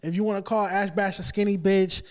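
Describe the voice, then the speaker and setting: A man hosting a casual podcast with loud, joking energy and a Los Angeles accent. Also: high-pitched, fairly even intonation, brisk, big-room sound, a crowd in the background. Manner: loud, hype, joking host. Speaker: podcast host.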